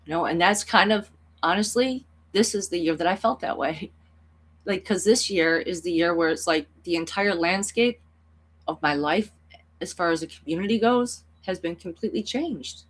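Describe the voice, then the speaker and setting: This woman has a lowish voice and a moderate pace. She's a tarot reader recounting something personal in a vlog, earnest and emotional, her rambling speech full of "like" and "you know."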